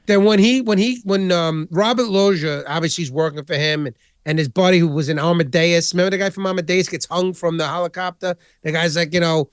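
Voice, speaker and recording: A man's voice: fairly high pitch, a little fast, few pauses, smooth, no echo, clean studio sound. A man co-hosting a podcast, chatting casually about movies and retelling scenes with lots of swearing and energy. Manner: profane, animated retelling of scenes. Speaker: podcast co-host.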